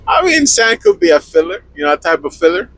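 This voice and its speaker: A man's voice: high-pitched, wildly swooping pitch, fast talker, fairly bright tone, no echo, low-quality recording. A young man with a Spanish accent co-hosting a trucking podcast in a laid-back, joking chat, swearing freely. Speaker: podcast co-host, truck driver. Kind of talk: casual chat.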